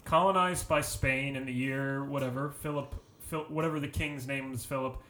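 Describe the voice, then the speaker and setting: A man hosts a podcast and teases his guests with dry, deadpan jokes. His voice sits in an echoey room. A clear, steady noise runs behind him. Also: mid-range voice, moderate pace. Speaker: podcast host. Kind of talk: casual banter.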